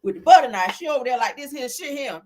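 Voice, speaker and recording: A woman hosting a gossip show, talking in a sassy, animated way, full of "honey" and "child" and swearing. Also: sits high, quick pace. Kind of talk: casual gossip commentary.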